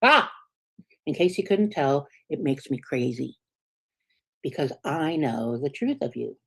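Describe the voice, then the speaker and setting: An American woman minister gives an earnest, conversational sermon in an extremely low voice with lively intonation, an unhurried pace, vocal fry, and a breathy edge. She checks in with the congregation often, moving between soft asides and sudden emphatic peaks.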